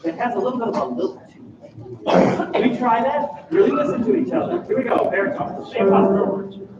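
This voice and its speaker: A man leads a school choir rehearsal, saying words aloud to show the shape. His voice is high and lively. It is picked up from across a boomy room on a dull, noisy recording. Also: brisk. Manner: animated, demonstrates words by speaking them. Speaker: choir clinician. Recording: echoey room, far from mic, dull, noisy.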